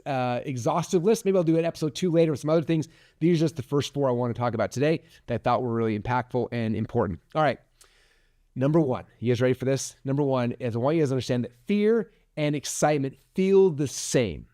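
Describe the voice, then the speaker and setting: A man's voice: mid-range voice, warm tone, no room sound, studio quality. A man in his forties hosting a podcast, giving a rambling motivational talk full of likes and restarts. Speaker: podcast host.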